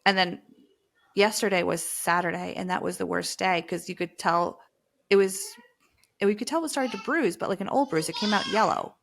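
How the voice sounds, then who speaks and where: A chatty woman in her thirties with a gravelly, fry-tinged voice that sits on the low side. She co-hosts a casual podcast and tells her stories with a laugh slipped in now and then. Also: a little fast, fairly bright tone, a little hiss or hum. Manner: chatty storyteller, laughs mid-sentence. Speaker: podcast co-host. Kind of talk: casual chat.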